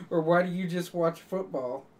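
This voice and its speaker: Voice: medium pitch, darkish tone, recorded from a distance. A live streamer chatting casually to viewers, rambling and joking, laughing at their own jokes.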